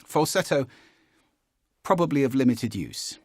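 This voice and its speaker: Speaking unhurriedly, a man gives an animated voice-coaching lesson, frequently changing his voice to show different pitches. It's recorded at studio quality without any echo.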